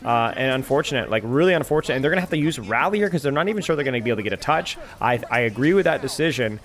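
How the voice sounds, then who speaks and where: A young adult man streaming from home at a desk mic, breaking down match plays in quick analytical commentary, then chatting with viewers in a relaxed way. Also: mid-range voice. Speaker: streamer and coach. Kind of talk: casual match analysis and chat. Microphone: desk microphone.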